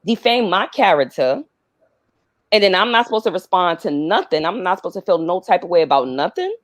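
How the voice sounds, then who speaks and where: A woman's voice: on the low side, big pitch swings, fairly quick, dry recording. A woman calling in to a live stream, speaking in an earnest, supportive way. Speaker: caller. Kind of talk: call-in comment on a live stream.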